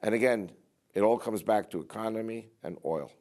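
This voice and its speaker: Low-voiced man giving an emphatic speech. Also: moderate pace, a little mellow. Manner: emphatic, repetitive rhetorical delivery. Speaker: public speaker. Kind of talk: political speech to a church audience.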